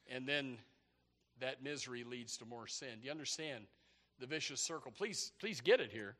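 A man preaching a sermon, animated and repetitive, with rising shouts. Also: mid-range voice, fairly quick. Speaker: pastor.

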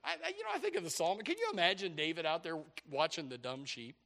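A high, bright male voice with wide, lively swings in pitch, preaching a folksy sermon. He exclaims praise often and stumbles into repeated restarts. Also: quick pace, vocal fry, hardly any pauses, big-room sound.

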